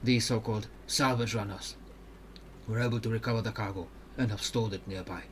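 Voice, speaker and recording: A man voicing a calm, secretive male freedom fighter with a put-on foreign accent, held in one low, steady tone, as he reads game dialogue aloud. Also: fairly quick, a little hiss or hum, lightly acted. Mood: earnest.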